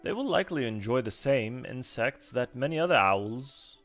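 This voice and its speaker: A man's voice: medium pitch, very animated, moderate pace, fairly bright tone, faint music behind. A man putting on a courteous British shopkeeper. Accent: put-on British. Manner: courteous, formal and helpful. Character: polite middle-aged male shopkeeper.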